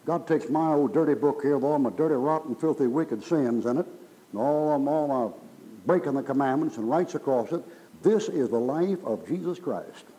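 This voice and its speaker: A man's voice: a little high, normal speed, warm tone, poor audio. A middle-aged man preaching a sermon in a folksy, emphatic way, his voice rising in bursts. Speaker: pastor.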